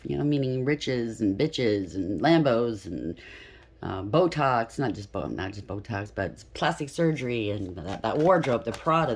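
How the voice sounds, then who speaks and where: A woman giving a casual tarot reading, blunt and profane, with emphatic repetition. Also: low-pitched. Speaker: tarot reader.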